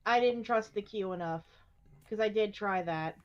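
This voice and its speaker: A woman's voice: medium pitch, normal speed, highs cut off. A woman chatting casually on a gaming stream, rambling and joking about her computer troubles.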